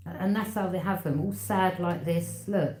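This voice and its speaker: A woman's voice: on the low side, unhurried, darkish tone, slight background noise. A woman giving a casual tarot reading, talking bluntly and with emphasis, repeating herself and speaking straight to the viewer. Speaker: tarot reader. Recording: echoey room.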